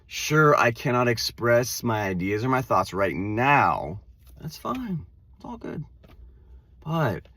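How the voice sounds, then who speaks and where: A man's voice: on the low side, no echo. A man who stutters, with repeated words and restarts, talking casually and reflectively to camera as host of his own channel. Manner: casual, says "like" and "dude" often. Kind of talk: reflective self-help monologue.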